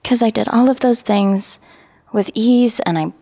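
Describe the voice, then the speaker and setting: A woman yoga trainee sharing a personal story in a lively, laughing way. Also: fairly high pitch, unhurried, vocal fry, no room sound.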